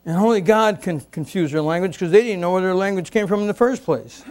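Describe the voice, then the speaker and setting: A man preaching a sermon, asking the congregation questions and moving between loud exclamations and quiet asides. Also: high voice, expressive, fast talker, hardly any pauses. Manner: asks the congregation rhetorical questions.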